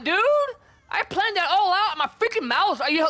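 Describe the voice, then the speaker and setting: A young man streaming a game, talking casually and excitably, swearing and calling people bro and dude. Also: very high voice, moderate pace. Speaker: gaming streamer. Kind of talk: casual gameplay commentary.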